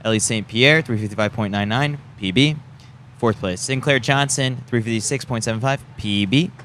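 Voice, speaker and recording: Brief: male host, mid-range voice, brisk results reader. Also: medium pitch, a little hiss or hum. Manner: steady, brisk listing. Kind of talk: reading race results.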